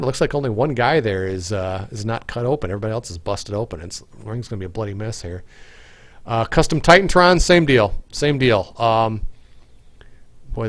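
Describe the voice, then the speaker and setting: A man's voice: medium pitch, no echo. A man hosting a casual livestream, answering viewer questions in a rambling way with many fillers and restarts, tired and yawning. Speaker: game developer hosting a livestream.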